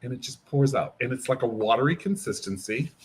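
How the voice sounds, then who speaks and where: A man who educates for a hair care brand talks through and shows off a product during a lively interview, playing out bits of conversation with clients. He speaks briskly at a medium pitch, with a breathy edge to his voice.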